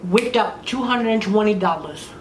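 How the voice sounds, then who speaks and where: A woman telling frank stories in casual chat as a podcast host, crude, profane and animated. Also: medium pitch, moderate pace. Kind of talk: candid casual storytelling. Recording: roomy room with faint noise.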